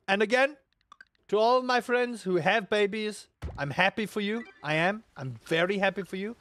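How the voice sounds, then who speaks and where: He has a high-pitched voice at a normal speed, a young gaming YouTuber chatting as he plays. He spins animated, exaggerated stories, breaking into outbursts and drifting into rambling asides.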